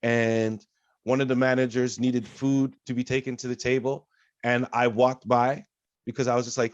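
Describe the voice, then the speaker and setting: A man co-hosting a casual podcast, telling stories in an animated, loud, profane way. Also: medium pitch, normal speed, dry recording, muffled recording. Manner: animated storyteller, loud and profane when reenacting. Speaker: podcast co-host.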